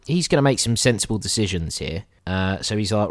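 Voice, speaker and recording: A man co-hosting a casual film podcast, his pitch bouncing up and down as he laughs and rambles with a loose, sweary delivery. The recording is dry, with no room sound around him. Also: lively intonation, brisk, dry recording. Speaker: podcast co-host reviewing films. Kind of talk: casual chat.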